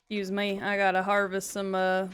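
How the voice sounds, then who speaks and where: Chatting with viewers during a casual gaming stream, a woman keeps a playful, teasing tone toward her chat. Her medium-pitched voice is monotone yet fairly bright and clean, at a normal speed.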